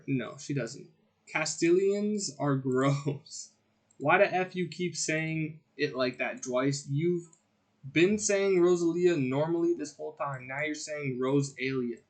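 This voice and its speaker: Higher-voiced male streamer, rambling. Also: takes it slowly. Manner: rambling, jokey, loud outbursts answering chat. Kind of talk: casual gameplay commentary.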